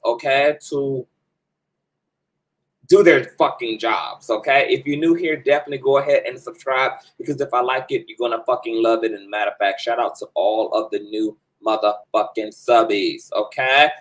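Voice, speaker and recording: A man's voice: mid-range voice, normal speed, fairly bright tone, low-quality recording. A man hosting his own commentary channel, chatting casually and flamboyantly with viewers, full of profanity and playful asides.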